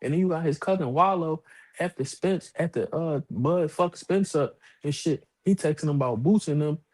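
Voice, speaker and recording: A man, co-hosting a casual boxing talk show, telling animated stories, acting out other people's voices and cursing freely. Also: a little high, moderate pace. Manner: animated storytelling, puts on voices of others, profane. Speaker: co-host of a boxing podcast. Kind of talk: casual chat.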